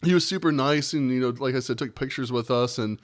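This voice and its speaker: A man's voice: mid-range voice, fast. A man in his thirties co-hosting a podcast, telling a profane anecdote in casual chat and acting out the quotes. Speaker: podcast co-host.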